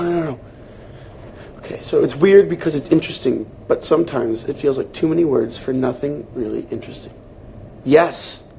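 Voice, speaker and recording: Speaking in a mid-range voice with vocal fry and a faint hiss or hum, a young man runs a laid-back book club stream. He chats loosely, leans on fillers, and reads viewer comments aloud, reacting as he goes.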